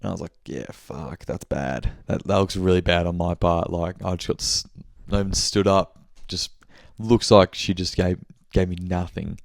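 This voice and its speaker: In a casual monthly check-in episode, the young podcast host tells a rambling story, peppered with swearing and self-corrections. His low, creaky voice barely moves in pitch and keeps a moderate pace, recorded dry and at studio quality.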